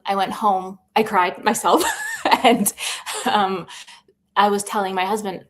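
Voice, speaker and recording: A woman who is a student teacher, chatting casually in an interview and telling lively stories, acting out her own lines and laughing often. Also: mid-range voice, measured pace, pauses often.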